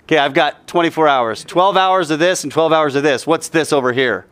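A man's voice: a little high, brisk, fairly bright tone, clean tone, no room sound. A man giving an informal Bible lesson, acting out little mock dialogues and dropping jokey asides. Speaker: Bible teacher.

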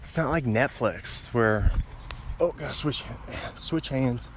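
A man's voice: mid-range voice, moderate pace, a little hiss or hum. A young man hosting a solo podcast outdoors, rambling and laughing at his own tangents while holding his phone to his ear. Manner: meandering, self-interrupting, laughs at himself. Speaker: podcast host. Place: outdoors by a road, walking. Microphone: phone held to ear.

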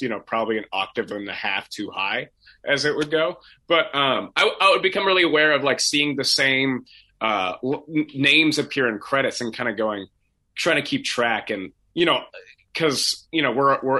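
A young adult man from Oregon, a voice actor telling his backstory in a relaxed, rambling way full of fillers and restarts. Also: mid-range voice. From Portland, Oregon. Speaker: voice actor guest. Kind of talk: casual interview chat.

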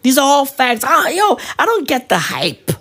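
A man's voice: very high-pitched, huge pitch swings, normal speed, pushed and bright. A man ranting about his football club in a casual, slangy style, swearing and tagging his lines with "right?" and "bruv". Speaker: football fan vlogger.

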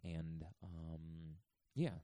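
A man hosting a podcast, talking in a hushed, half-whispered ramble full of swearing and chuckles. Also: a bass voice, lively intonation, drawn-out words, no room sound. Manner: profane, digressive, chuckling. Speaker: podcast host. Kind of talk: rambling comic monologue. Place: renovated church getaway, indoors.

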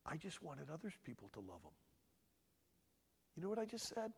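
A man's voice: a little high, very animated, brisk, breathy edge. Emotional male speaker in a reverberant hall. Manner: emotional, swings between loud emphasis and hushed near-whisper. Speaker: conference speaker on parenting. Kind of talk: preaching-style talk.

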